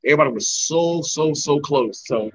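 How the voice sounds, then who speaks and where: A young man, a mixed martial arts fighter, telling animated stories about his old coaches in a casual interview. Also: on the high side, moderate pace, low-quality recording. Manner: animated storyteller, acts out his coaches' lines. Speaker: MMA heavyweight fighter, guest.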